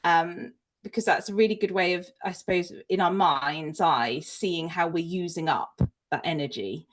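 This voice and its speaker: A woman's voice: lowish voice, moderate pace. A woman co-hosting a casual podcast, chatty and self-deprecating, laughing easily. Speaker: podcast co-host. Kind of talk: casual chat.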